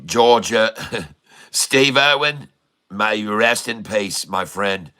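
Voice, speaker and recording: A middle-aged man hosts a casual livestream, joking around with puns and laughing often. His voice is on the low side, slow, pushed and bright.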